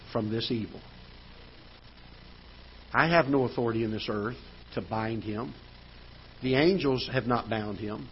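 A male pastor delivering a sermon in a church auditorium, earnest, pressing points, then dropping quiet. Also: medium pitch, lo-fi sound, a little hiss or hum. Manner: earnest preaching with rising emphasis and quiet drops.

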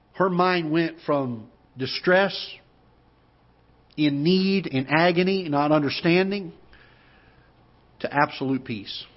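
Earnest Midwestern pastor telling a story. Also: male voice, fairly high pitch. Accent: Midwestern American. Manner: storytelling, earnest, many restarts and pauses. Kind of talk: sermon. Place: church auditorium. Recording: muffled church broadcast audio.

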